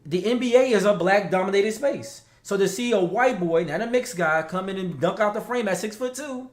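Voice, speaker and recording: A man co-hosting a casual talk show, animated and slangy, laughing often. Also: sits high, moderate pace, echoey room. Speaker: podcast co-host. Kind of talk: casual chat.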